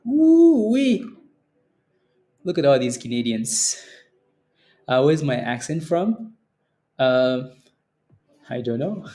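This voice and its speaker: A young adult man hosts a live stock trading stream, speaking unhurriedly in a medium-pitched, darkish voice. He reads the chat casually, teasing his audience, often laughing and repeating himself.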